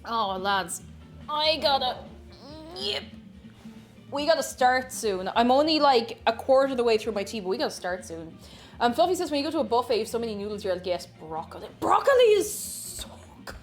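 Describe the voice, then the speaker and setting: A woman's voice: on the high side, expressive, fairly quick, faint music behind. Giggly Irish woman chatting on stream. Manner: giggly, chatty, rambling asides. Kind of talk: casual chat reading viewer comments. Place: home streaming setup.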